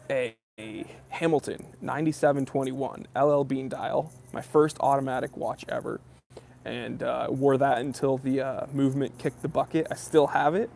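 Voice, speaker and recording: There's a slight hiss or hum behind this man's gravelly, medium-pitched voice, which has a somewhat mellow quality. He hosts a casual watch live stream, reading chat comments out loud and answering them in a rambling, relaxed way full of ums and uhs.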